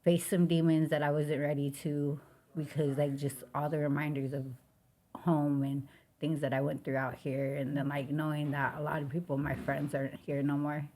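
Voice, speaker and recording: A woman from Los Angeles with a low voice, speaking openly as a guest on a podcast. She tells a personal story in a loose, casual flow that is full of "like" and "you know." Her talk sounds heartfelt and unpolished. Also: flat delivery, normal speed, warm tone. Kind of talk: candid personal recovery story.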